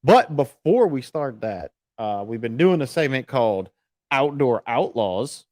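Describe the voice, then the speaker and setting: A man's voice: medium pitch, sing-song, normal speed, darkish tone, no echo, studio quality. A man hosting an outdoors podcast in a rambling, jokey way. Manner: rambling, jokey, self-interrupting. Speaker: podcast host. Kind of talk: casual podcast chat.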